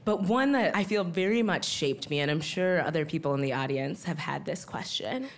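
Female storyteller, 30s, slightly low voice, laughs a lot, live stage mic. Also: moderate pace, few pauses, slight background noise. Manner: chatty, laughing often.

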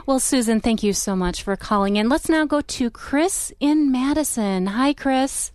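A woman hosting a call-in radio show, taking calls in a brisk, friendly way. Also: high-pitched, lively intonation, a little mellow, clean tone, dry recording, clean studio sound. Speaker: radio host.

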